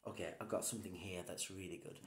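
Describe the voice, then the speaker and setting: A man's voice: deep voice, steady tone, fast. A man chatting casually over wine at home as a co-host, rambling and reading viewer comments aloud. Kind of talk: casual tipsy chat. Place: home room, at night. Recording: echoey room.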